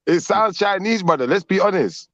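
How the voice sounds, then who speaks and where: A man's voice: sits high, animated, normal speed, fairly bright tone, dry recording, dull audio. A man arguing his point on a live panel, laughing and using street slang. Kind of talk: casual group banter.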